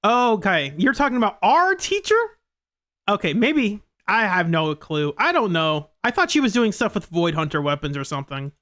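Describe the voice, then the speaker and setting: A gaming commentator casually reacting to a story and reading lines aloud, with halting restarts. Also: medium pitch, very animated, fairly bright tone. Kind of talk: game playthrough commentary, reading dialogue aloud.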